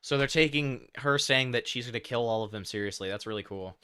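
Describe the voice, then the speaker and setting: A tired man casually commenting on a video during a stream, in a dry, dismissive, low-key way. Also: brisk, pushed and bright, smooth.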